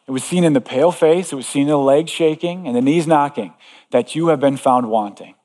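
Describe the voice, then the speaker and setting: A man's voice: a little high, a little fast, a little mellow, big-room sound. A man preaching a sermon as pastor, earnest and emphatic, repeating key phrases.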